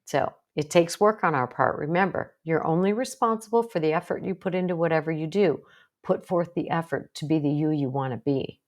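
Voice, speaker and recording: A woman psychologist gives an educational talk to viewers, direct and coaching, with self-deprecating asides. Her voice is deep, strong and assertive, and she speaks fairly quickly.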